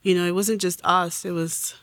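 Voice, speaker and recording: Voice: mid-range voice, flat delivery, normal speed, a bit bright, dry recording. An adult in their forties telling a personal faith story in an earnest way, acting out the lines they quote. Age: 40s. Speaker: testimony guest.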